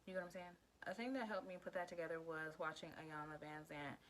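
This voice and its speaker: A woman's voice: deep voice, fairly even intonation, quick pace, a bit bright, rough recording. A woman vlogger talking casually to camera, giving advice in a chatty, emphatic way and calling the viewer girl and babe. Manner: glances down at written notes.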